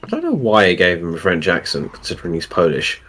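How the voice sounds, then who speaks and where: A man chiming in over voice chat during a game stream, trading dry, teasing quips. His voice sits low but moves around a lot in pitch. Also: wildly swooping pitch, fast, fairly bright tone.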